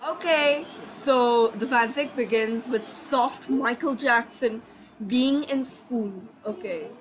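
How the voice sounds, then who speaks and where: Sleepy woman rambling through her own fan story, apologetic, fairly high voice, faint noise behind. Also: takes it slowly, rough recording. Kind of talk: casual fanfic storytelling.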